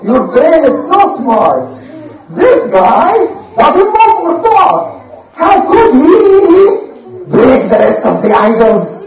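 A clever prophet acted by a woman storyteller reasons slowly and teases with pointed questions. Her pitch moves a lot. The sound is dull, distant and very echoey. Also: expressive, background noise. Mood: teasing. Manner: patient, teasing and reasoning. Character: calm clever prophet arguing with a king. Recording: echoey room from far off, dull.

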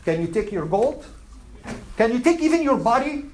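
A woman's voice: on the high side, big pitch swings, normal speed, a little mellow, slight background noise, rough recording. A woman teaching an Islamic class, asking her students questions and repeating her points. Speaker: religious teacher.

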